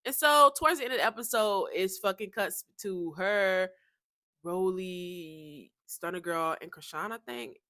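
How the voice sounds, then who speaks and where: A woman's voice: medium pitch, unhurried, pushed and bright, no echo, clean studio sound. A woman hosting a reaction channel, chatting casually and recapping a show. She curses freely and acts out the quotes.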